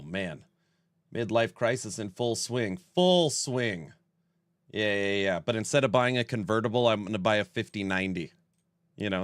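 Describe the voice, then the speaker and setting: A streamer host in his forties runs a casual livestream and reads the chat aloud, sounding stuffed up and worn out as he rambles and mocks himself. His voice is on the low side, with clean studio sound and no echo.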